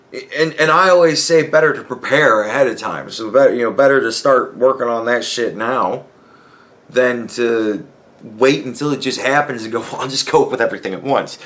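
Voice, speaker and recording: A man's voice: medium pitch, fairly bright tone. Rambling, profane young man. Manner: rambling, profane, laughs while telling stories. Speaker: podcast host. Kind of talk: casual monologue.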